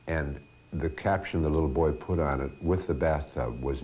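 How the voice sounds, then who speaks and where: An older man, once a children's TV host, recalls stories from his show in an unhurried, hesitant interview. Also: very deep voice, darkish tone. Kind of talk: reminiscing interview.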